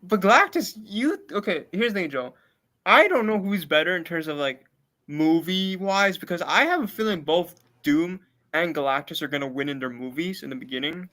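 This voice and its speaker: A man on a casual live stream, talking excitedly and filling his speech with "bro" and "like". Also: on the high side, normal speed. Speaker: watch party co-host.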